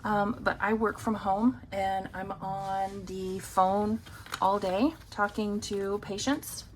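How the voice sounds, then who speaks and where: Casting note: unhurried woman budget vlogger, easygoing talk, faint hiss behind her. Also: medium pitch, steady tone, low-quality recording. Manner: slow, rambling, many ums. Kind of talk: casual chat while counting cash. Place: home.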